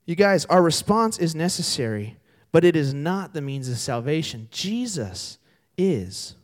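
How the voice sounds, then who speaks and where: Young male pastor, sermon, lively pitch, animated storyteller. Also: a little slow. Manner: animated storytelling with voiced characters. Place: church sanctuary.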